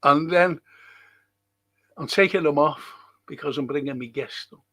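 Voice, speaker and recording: A livestream host with a fairly high voice speaks unhurriedly, chatting casually as he reads viewer comments aloud. He adds chatty, warm-hearted asides.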